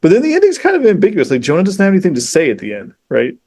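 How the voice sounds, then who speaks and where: A man in casual podcast conversation, retelling a story in a lively, profane way, peppered with "you know" and "like.". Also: high voice, very fast, husky, no echo. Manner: animated, profane, acts out quoted characters; frequent fillers like "you know" and "like". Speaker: podcast guest.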